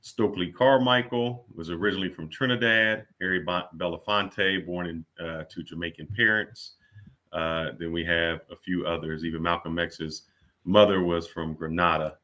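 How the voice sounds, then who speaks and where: A man co-moderating a debate, explaining the format in a measured, deliberate way. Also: low-pitched, fairly even intonation, pushed and bright.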